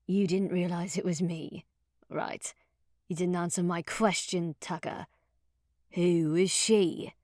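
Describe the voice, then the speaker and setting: A woman voicing a menacing male intruder with a grating voice, speaking slowly and coldly in an audiobook. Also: lowish voice, steady tone, darkish tone, dry recording, studio quality. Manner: slow, cold and threatening.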